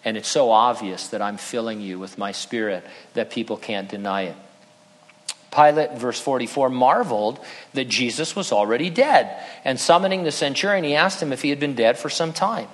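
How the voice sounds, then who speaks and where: A male pastor delivers an expository sermon at a middle pitch, his voice ringing in the long reverb of a large hall. He walks through scripture verse by verse and slips in dry, sarcastic asides. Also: normal speed.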